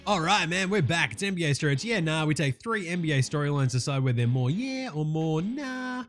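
Host: Australian man, lively up-and-down delivery, profane and excitable sports chatter. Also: on the high side, fairly quick, soft background music. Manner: profane, excitable, laughing rants. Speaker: podcast host. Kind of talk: casual sports podcast chat.

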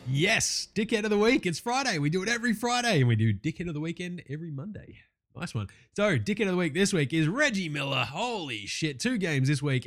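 A man with an Australian accent hosting a casual basketball podcast, ranting excitably and swearing a lot. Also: on the high side. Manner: profane, excitable, laughing rants. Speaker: podcast host. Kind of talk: casual sports podcast chat.

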